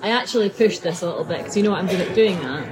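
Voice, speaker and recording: A woman speaking as a dog behaviourist in a casual podcast chat, thoughtful and pausing with ums. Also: lowish voice, animated, rough recording. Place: busy coffee shop. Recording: crowd noise in a café. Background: café crowd chatter.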